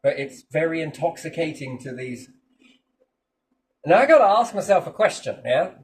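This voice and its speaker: Animated, profane podcast talker. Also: mid-range voice, normal speed. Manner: animated, profane, jumps into funny voices. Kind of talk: casual chat. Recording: distant mic, faint background noise.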